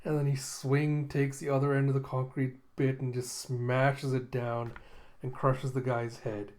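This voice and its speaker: A man's voice: medium pitch, level tone, unhurried, darkish tone. Rambling man reading through a manga. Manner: rambling, many fillers and chuckles. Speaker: manga readthrough host. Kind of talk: casual reading commentary.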